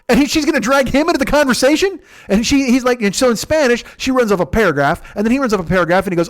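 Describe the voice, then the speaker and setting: A man in his forties tells a story on his podcast at a breakneck pace. His voice sits a little high for a man. He swears freely and swings from loud, agitated ranting to quiet, subdued reflection. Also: animated, fast. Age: 40s. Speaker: podcast host. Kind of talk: casual storytelling monologue.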